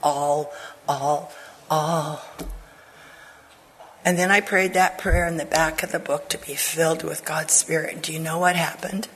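An older woman Bible teacher giving an earnest personal testimony to women, dropping to soft whispers for emphasis. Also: deep voice, flat delivery, brisk, hardly any pauses, a little hiss or hum, poor audio.

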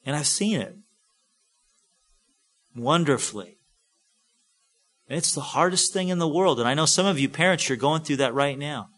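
A man preaching a sermon as a pastor, acting out scripture scenes with big swings from hushed to loud. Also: on the high side, lively intonation, normal speed, pauses often.

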